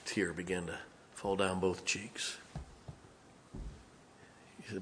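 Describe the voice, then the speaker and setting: A man in his fifties, a pastor preaching a sermon, telling a personal story and dropping to a hushed, emotional tone. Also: sits low, steady tone, slow pace, slight background noise.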